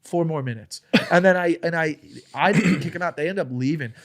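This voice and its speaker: A man who is a comedian, telling a story as a podcast guest in an animated, profane way and acting out an argument. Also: fairly high pitch, fairly quick.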